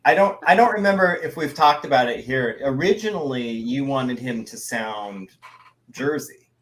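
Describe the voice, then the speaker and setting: A man co-hosting a casual podcast, an artist telling stories with lively quoted voices. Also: mid-range voice, moderate pace. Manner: animated storytelling with quoted voices. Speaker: podcast co-host, comic artist. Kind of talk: casual chat.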